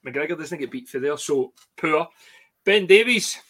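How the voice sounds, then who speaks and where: Scottish guy hosting a footy pod, bright voice a bit high, blunt and jokey. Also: expressive, moderate pace. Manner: jokey, laughs often, blunt. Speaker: podcast host. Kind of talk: casual podcast chat.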